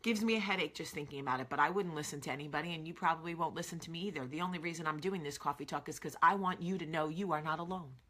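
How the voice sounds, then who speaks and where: Low-voiced woman w/ a sharp bright edge, earnest advice vlog, keeps repeating herself. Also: fairly even intonation, rapid-fire, hardly any pauses. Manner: earnest, direct, repeats phrases for emphasis. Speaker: vlog host.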